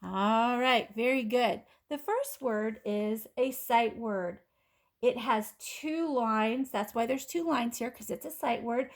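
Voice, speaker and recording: A woman teaching kindergarten children phonics, sounding out letters and words slowly and clearly in a patient, encouraging way. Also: fairly high pitch. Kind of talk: phonics lesson for young children.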